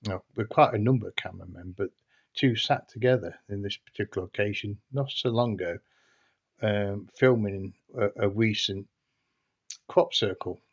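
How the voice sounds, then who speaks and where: A man's voice: fairly low pitch, normal speed, husky. A man telling a story casually, in a hesitant, rambling way with frequent restarts. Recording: dull lo-fi recording.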